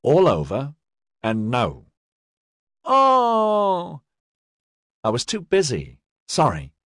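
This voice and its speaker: A man voicing a tired father who gently scolds his young daughters in an audiobook. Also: a little high, huge pitch swings, very slow, no echo, clean studio sound, pitched above the performer's own voice, exaggerated voice. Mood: scolding. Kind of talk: audiobook character voice.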